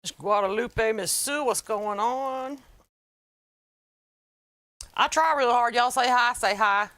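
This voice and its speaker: A Southern woman hosts a relaxed craft livestream, chatting along and greeting her viewers one by one. Her voice sits a bit high. The sound is close and dry. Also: normal speed, no room sound. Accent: Southern American. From American South. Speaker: livestream host, wreath maker. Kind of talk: casual livestream craft tutorial.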